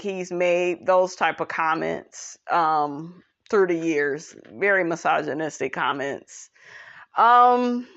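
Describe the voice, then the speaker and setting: A woman giving blunt, sassy and profane celebrity gossip commentary as a vlogger. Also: a bit bright. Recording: dull low-fi audio.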